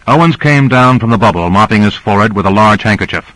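A man narrating an audiobook in a measured, even reading style. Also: fairly low pitch, no room sound, poor audio. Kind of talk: scripted narration.

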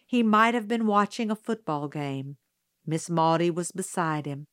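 A woman reads a novel aloud in the first person, taking her time over each sentence. Her voice sits at a middle pitch and stays close and dry on the mic. The delivery is even storytelling. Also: dry recording. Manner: slow, unhurried storytelling. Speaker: audiobook narrator. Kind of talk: scripted first-person narration.

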